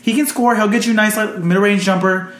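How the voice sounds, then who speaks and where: A man's voice: sits high, fairly even intonation, brisk, fairly bright tone. A man co-hosting a casual sports podcast, breaking down trades and laughing often. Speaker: podcast co-host. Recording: echoey room.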